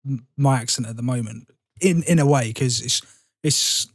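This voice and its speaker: A man's voice: mid-range voice, normal speed, no echo, studio quality. A man on a gaming podcast, laughing easily and a bit self-conscious when he's put on the spot. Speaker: podcast panelist. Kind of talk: casual gaming podcast chat.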